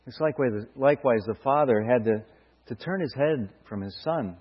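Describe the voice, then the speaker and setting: Husky-voiced preacher in an echoing hall. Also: male voice, medium pitch, brisk. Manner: earnest, rhetorical questions, stammered restarts, rising to emphatic bursts. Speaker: pastor. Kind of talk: sermon. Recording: dull lo-fi sound with hall reverb.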